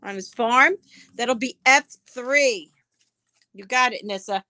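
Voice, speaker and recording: A woman's voice: a little high, takes it slowly, sharp tone. A woman selling items on a live stream auction, chatting casually, describing each piece as she handles it and answering viewers by name.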